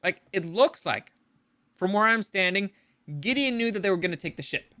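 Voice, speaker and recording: A man's voice: high voice, moderate pace, dry recording. A man giving a casual, rambling, profane review of a show. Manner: rambling, profane, animated with frequent restarts. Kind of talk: casual commentary.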